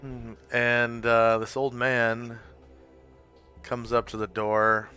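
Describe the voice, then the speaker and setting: Slow bright guy running a tabletop game, lots of ums and uhs. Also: mid-range voice, level tone, smooth, soft background music. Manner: hesitant, full of filler words. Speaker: game master.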